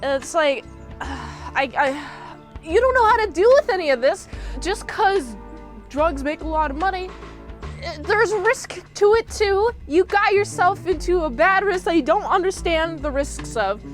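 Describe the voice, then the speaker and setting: A high-pitched woman rambles through a movie recap, joking and tossing in slang like "frickin'". She talks in loose, informal runs with lots of asides. Music plays clearly underneath her voice. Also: expressive, a little slow. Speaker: movie reviewer.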